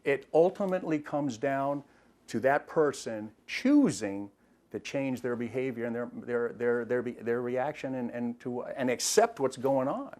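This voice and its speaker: A man's voice: mid-range voice, animated, a little slow, a little mellow. A middle-aged man with a mid-range voice walks through how police escalate force, talking as a former officer. He explains patiently, often repeating and restarting words while he acts out the commands he describes. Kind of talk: explaining commentary.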